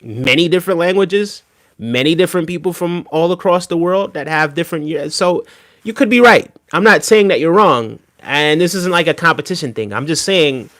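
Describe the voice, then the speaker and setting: A man with a fairly high voice talks on a livestream, reacting to a clip and answering his chat. He presses his points emphatically and keeps tagging them with "right?". His delivery is loose and conversational. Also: lively intonation, moderate pace, a bit bright. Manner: emphatic, repeats "right?" often. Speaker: streamer reacting to video. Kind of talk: casual livestream reaction commentary.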